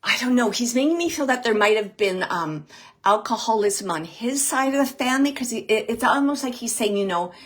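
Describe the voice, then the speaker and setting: This woman, a psychic medium, reads for an audience member live in a fairly high, expressive voice. She gropes her way through the messages, pausing and echoing phrases as she goes.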